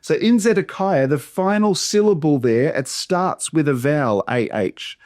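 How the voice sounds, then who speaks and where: Australian pastor coaching pronunciation, dry room. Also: male voice, on the high side, animated, darkish tone, no room sound. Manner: slow, deliberate syllable-by-syllable modelling. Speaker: pastor teaching Bible reading. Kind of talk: workshop teaching pronunciation.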